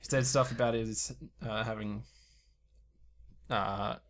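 A man's voice: fairly low pitch, steady tone, slow, a loud crowd. A man chatting casually with gaming friends, laughing often between remarks. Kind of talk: casual chat while gaming.

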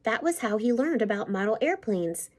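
Principal, woman, storybook read-aloud for kids; expressive, teacherly. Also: fairly high pitch, moderate pace. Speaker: school principal. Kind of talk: reading a picture book aloud to children.

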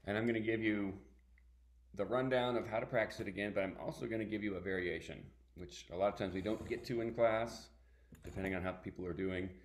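A middle-aged man teaching a ukulele workshop, calmly explaining and vocalizing strum patterns by counting them aloud. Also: on the low side, quick pace, a little hiss or hum. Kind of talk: online music workshop lesson. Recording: echoey room with ukulele playing.

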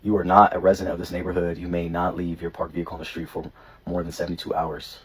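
A man's voice: low voice, monotone, fast talker, breathy edge. A man complaining angrily in a vlog clip, swearing as he talks. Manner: angry, swearing. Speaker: vlogger in clip.

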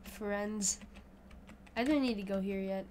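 A woman's voice: medium pitch, slow, background noise. A woman giving casual commentary while playing a video game, chatting and reading the on-screen text aloud. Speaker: gamer. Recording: loud game music behind. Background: game music.

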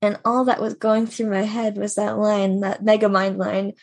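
A woman's voice: medium pitch, normal speed, husky. A woman co-hosting a podcast, animatedly retelling scenes from a comic and laughing often. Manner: animated storyteller, acts out quoted lines, laughs often. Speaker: podcast co-host. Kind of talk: casual chat retelling manga scenes.

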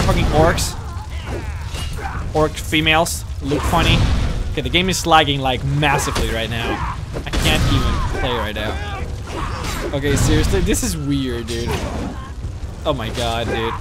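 A man commenting on a video game as he plays, excitable and swearing freely. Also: a little high, measured pace, long pauses, loud music behind the voice. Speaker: let's play host. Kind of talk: gameplay commentary.

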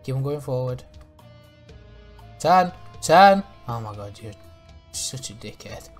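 A man's voice: mid-range voice, moderate pace, darkish tone, soft background music. A man commentating a video game as he plays, swearing often, laughing and yelping in panic. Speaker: gaming YouTuber. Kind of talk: let's play commentary.

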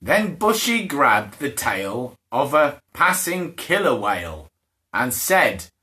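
A man's voice: medium pitch, very animated, takes it slowly, pushed and bright. A man hosting a live-streamed bedtime story for small children, reading aloud playfully with laughs and put-on character voices. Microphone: phone or camera for a live stream.

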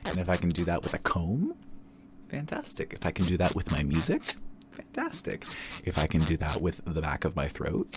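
A man rambling candidly and campily in a relaxed ASMR chat, drifting into soft whispers, tired and a little tipsy. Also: deep voice, fast talker, hardly any pauses, a little hiss or hum. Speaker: ASMR creator.

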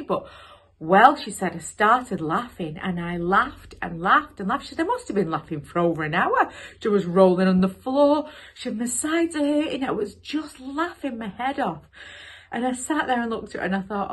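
A woman sharing a personal testimony in church, telling the story in a lively way. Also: medium pitch, breathy edge. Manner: animated storyteller with lively quoted voices.

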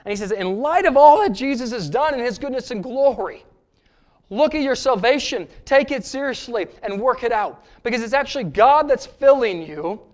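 A man's voice: very high-pitched, lively intonation, moderate pace. A male pastor with a Canadian accent preaching a sermon in an earnest, emphatic way, repeating key phrases for stress. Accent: Canadian English.

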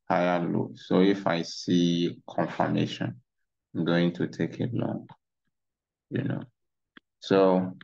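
Low gravelly guy explaining charts, slow, keeps saying you know, kinda muffled mic. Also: darkish tone. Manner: rambling, conversational, repeats "you know". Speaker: trading instructor. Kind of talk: casual screen-share tutorial. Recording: dull lo-fi mic.

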